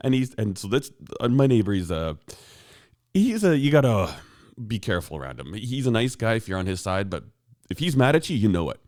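Low-voiced guy rambling thru a neighbor story, dry close sound. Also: sing-song, fairly quick, a little mellow, no room sound. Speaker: podcast co-host. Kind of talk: casual chat. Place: rural home shop.

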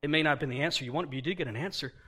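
A man preaching a sermon, animated, acting out dialogue and laughing often, dropping to a quiet voice for emphasis. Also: fairly high pitch, racing, husky. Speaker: pastor.

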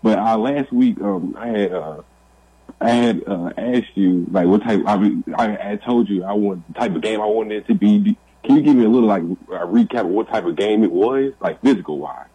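A man calling in to sports radio with a low, dark, husky voice whose pitch jumps around a lot. He stumbles and fills his sentences with ums and uhs. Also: normal speed, highs cut off. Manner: hesitant, with many fillers. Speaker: caller. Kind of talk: casual call-in talk.

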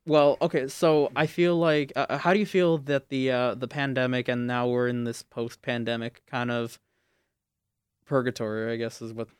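A man's voice: medium pitch, little pitch movement, normal speed, clean tone, dry recording. A young man hosting a casual panel, asking meandering questions full of fillers. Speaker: panel host. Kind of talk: casual interview chat.

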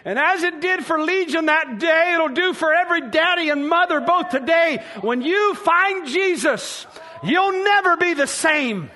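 Preacher guy w a really high voice, fervent n emphatic, shouts at times. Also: animated, measured pace. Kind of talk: sermon.

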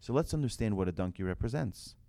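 A man giving an animated religious lesson to a group, asking rhetorical questions and telling anecdotes. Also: on the low side, fast talker, gravelly, no room sound.

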